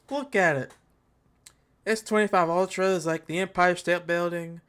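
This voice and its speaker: A man's voice: sits high, normal speed, pauses often, a bit bright, clear, resonant tone. A man hosting a tech channel, giving live commentary on a product event in a casual, slangy, joking rant and talking to his chat. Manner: ranting, joking, exaggerated mockery.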